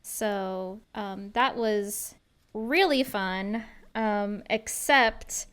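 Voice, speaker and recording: Slow-talking woman chatting on a podcast. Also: mid-range voice, a bit bright, clean tone. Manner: chatty, frequent fillers. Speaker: podcast host. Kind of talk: casual podcast chat.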